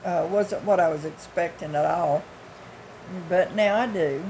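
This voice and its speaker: A woman's voice: fairly low pitch, unhurried, a little mellow, slight background noise, poor audio. A woman in her sixties from the United States, telling a story in a casual, blunt, folksy way with occasional chuckles. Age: 60s. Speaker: vlogger.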